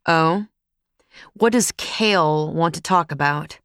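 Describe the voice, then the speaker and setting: A woman voicing a tough, guarded young woman who speaks flatly and curtly, in a storybook reading. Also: low voice, takes it slowly, clear, resonant tone, no echo, studio quality. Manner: flat, curt, suspicious.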